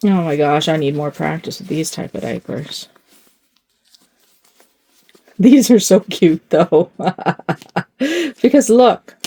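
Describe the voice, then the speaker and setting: A woman's voice: sits low, animated, measured pace, mellow. An older woman chatting casually while she fiddles with a doll's clothes. Her talk rambles and circles back on itself, and she often chuckles and teases herself. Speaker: doll channel host. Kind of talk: casual chat while dressing a doll.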